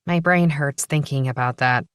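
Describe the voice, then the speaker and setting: A woman's voice: extremely low pitch, normal speed, smooth, no echo. A woman narrating a first-person audiobook in a dry, matter-of-fact manner. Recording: dry studio close mic.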